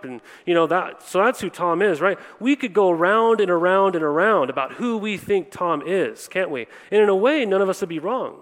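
A man's voice: high-pitched, lively intonation, a little fast, hardly any pauses. A man preaching a conversational sermon to a congregation, often acting out what people say. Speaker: pastor. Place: church hall before a congregation. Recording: long reverb of a large hall.

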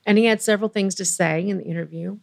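An older woman speaks as an interview guest, earnest and emotional as she recounts her story. Her voice is dry and close, with no room around it, and her pitch sits in an ordinary middle range. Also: fast talker, gravelly, dry recording. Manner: earnest, emotional, quotes others in lively voices.

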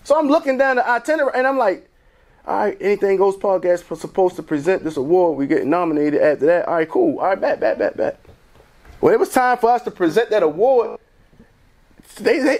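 A man's voice: high voice, expressive, fairly quick, a little mellow. A man co-hosting a podcast, telling a long story in casual, profane talk and acting out other people's lines. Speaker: podcast co-host.

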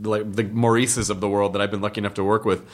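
A man's voice: on the low side, level tone, fast talker. Enthusiastic male podcast host, rambling. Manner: enthusiastic, rambling, many fillers. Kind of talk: casual interview chat.

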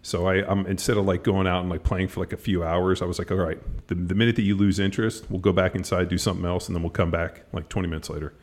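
A man telling stories in a casual chat, animated and swearing freely, acting out what people said. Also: low-pitched, fast, hardly any pauses. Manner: animated storytelling, swears a lot, acts out quotes.

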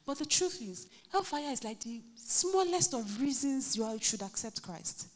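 A Nigerian woman pastor preaching a lively sermon, acting out quotes and joking with her congregation. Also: on the high side, moderate pace. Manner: animated, acts out quotes, jokes with the congregation. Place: church hall. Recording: reverberant church hall.

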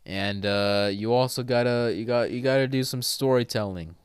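A man's voice: medium pitch, moderate pace, smooth, dry recording, clean studio sound. A man hosting a solo podcast, rambling casually with swearing and self-corrections, having just woken up. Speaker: podcast host.

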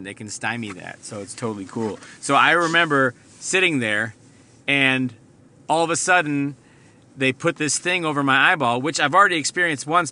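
A man's voice: mid-range voice, pushed and bright. A man hosting a podcast, telling a rambling, profane story from inside his car. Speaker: podcast host. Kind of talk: casual storytelling monologue.

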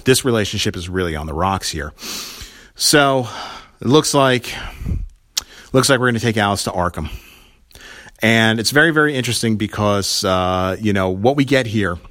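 A man's voice: lowish voice, fairly bright tone, no room sound, clean studio sound. A man casually recapping a TV episode, rambling and retelling scenes with quoted lines.

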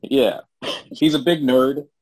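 A man hosting a podcast in casual chat, animated and steering the talk toward each guest. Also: medium pitch, takes it slowly, dry recording, poor audio. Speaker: podcast host.

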